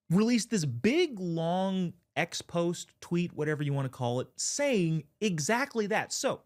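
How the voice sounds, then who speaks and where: Sarcastic male political commentary host. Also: on the high side. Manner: sarcastic, wry asides.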